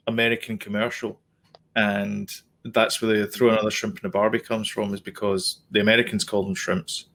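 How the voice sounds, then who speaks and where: A man's voice: on the low side, a bit bright. Chatty man hosting a podcast. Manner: chatty, rambling, self-correcting explanations. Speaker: podcast co-host. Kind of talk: casual chat.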